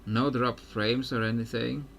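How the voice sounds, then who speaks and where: A man's voice: medium pitch, fairly even intonation, a little slow, creaky, a bit bright, slight background noise. A man streaming a video game, rambling in casual commentary with many fillers and restarts.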